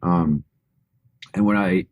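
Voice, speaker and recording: A young Canadian man from rural Alberta, a guest telling his story in a relaxed, modest way with frequent fillers. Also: low voice, slow pace, narrow, tinny audio. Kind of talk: casual interview storytelling.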